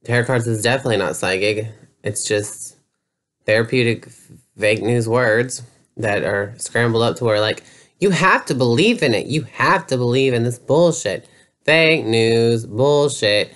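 A man delivering a mocking, profanity-laced comedy rant at an unhurried, dragging pace. His voice sits at an ordinary middle pitch, and his tone stays sneering and sarcastic as he jeers at everything. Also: a bit bright. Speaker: YouTuber.

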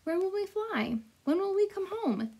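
A woman voicing a curious young male gosling in a storybook read-aloud, asking questions in quick bursts. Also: extremely high pitch, sing-song, gravelly, mellow, voice pushed up, full character voice.

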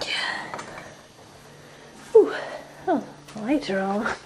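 A young woman acting in a home comedy sketch, mumbling and whispering groggily, then bursting into frantic shouts. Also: medium pitch, very animated, slow pace, background noise. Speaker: comedic video sketch performer. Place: home kitchen.

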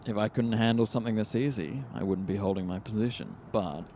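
A man's voice: fairly low pitch, fairly quick, dark tone, a little hiss or hum, close to an everyday voice. A man voicing a sardonic male vampire fixer who talks in a dry, condescending way. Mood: smug.

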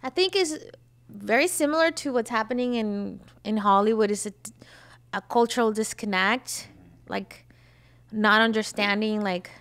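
A woman's voice: medium pitch, normal speed, fairly bright tone. A woman who founded a film studio, answering interview questions in a casual, easygoing way with frequent laughs. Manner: easygoing, laughs often, fills with "you know" and "like".

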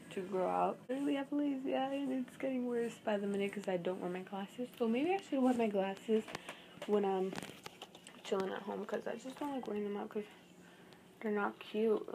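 A woman's voice: medium pitch, gravelly, dark tone, a little hiss or hum, poor audio. A teenage girl from Arizona chatting casually to her phone camera in a vlog, giggly and full of "like". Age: teens. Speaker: vlogger.

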